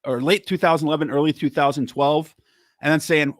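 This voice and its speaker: In a studio-quality recording with no echo, a man with a fairly high voice and steady tone hosts a podcast, briskly delivering a profane political rant. He's angry and worked up, swearing heavily throughout.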